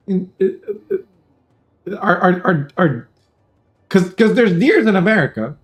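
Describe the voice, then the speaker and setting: A man casually commentating a card game tournament over a headset, joking and rambling, often clearing his throat. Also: sits high, very animated, measured pace, long pauses, soft background music. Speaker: tournament caster.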